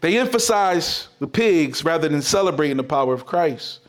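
A pastor with a slightly high voice preaches a sermon at normal speed with lively intonation. His delivery is emphatic and repetitive, with sudden swings in loudness.

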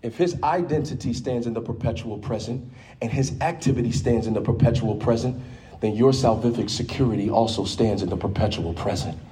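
A man preaching a sermon to a church congregation, swinging between quiet teaching and shouted call-and-response. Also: medium pitch, fairly quick.

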